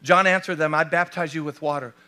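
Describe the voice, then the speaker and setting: Here a male pastor with an American accent works through a lively sermon full of rhetorical questions aimed at the people in the pews. He speaks fairly quickly in a fairly high voice.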